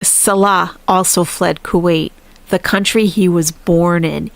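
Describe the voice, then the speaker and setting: A woman's voice: fairly low pitch, fairly even intonation, slow, creaky, dry recording. A woman hosting a live stream, chatting casually and animatedly, laughing often and thanking viewers.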